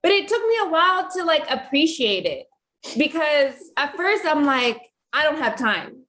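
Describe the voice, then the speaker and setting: A woman with a high voice shares her thoughts slowly on a podcast. She sounds sincere and pauses often, filling the gaps with "um" and "like". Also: very animated, fairly bright tone. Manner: earnest, halting, with many fillers. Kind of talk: casual reflective chat.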